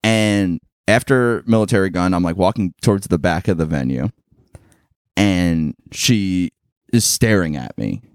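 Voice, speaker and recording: A man's voice: deep voice, unhurried, clear, resonant tone, no echo, studio quality. A man in his thirties, a comedian co-hosting a casual podcast chat, telling profane stories with frequent laughter. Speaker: podcast co-host and stand-up comedian.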